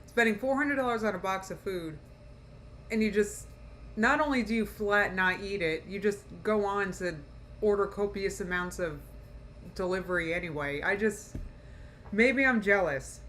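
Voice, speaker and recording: A woman's voice: mid-range voice, moderate pace, fairly bright tone, a little hiss or hum. A woman streaming a live reaction, mocking what she watches, laughing often and talking to her chat. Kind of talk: casual live reaction commentary.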